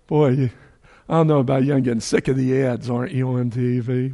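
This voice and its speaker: A man's voice: medium pitch, level tone, fairly quick, mellow. A man preaching a sermon in a folksy, joking way, acting out the people in his story with big swings in his voice.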